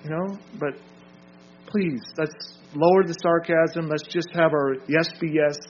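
A man's voice: on the high side, fairly even intonation, a little slow, highs cut off. An older man preaching an informal sermon, earnest, asking questions and answering them himself.

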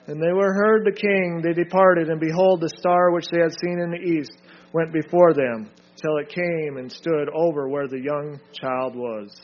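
A man leading a group Bible study, reading scripture aloud and drilling his listeners with short emphatic remarks. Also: fairly high pitch. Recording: dull lo-fi recording.

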